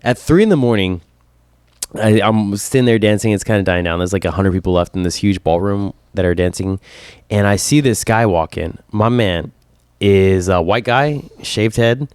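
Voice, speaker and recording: Smooth low-voiced man telling a story. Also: moderate pace, no room sound, studio quality. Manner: animated storyteller, voice jumps up when quoting himself. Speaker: podcast co-host. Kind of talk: casual storytelling chat.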